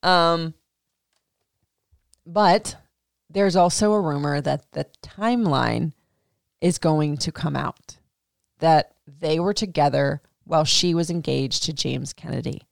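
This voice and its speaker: A woman podcast host giving a casual, animated recap rant about a reality show. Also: deep voice, slow pace, creaky, long pauses, no room sound, studio quality. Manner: animated, indignant, swearing.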